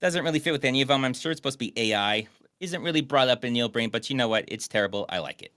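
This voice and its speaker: A man's voice: mid-range voice, lively intonation, very fast, fairly bright tone, dry recording, studio quality. A man co-hosting a casual podcast, bantering and joking about a movie. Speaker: podcast co-host. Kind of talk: casual chat.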